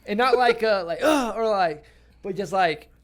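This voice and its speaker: A man's voice: sits high, animated, normal speed. A young man co-hosting a podcast, telling a story in casual chat with lots of laughter and swearing. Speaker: podcast co-host.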